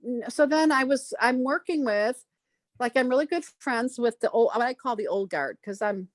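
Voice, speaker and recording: A woman's voice: fairly high pitch, normal speed, dry recording. A middle-aged woman from Chicago, a stand-up comedian, rambling through casual podcast chat with many restarts. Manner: rambling, restarts, animated quoting.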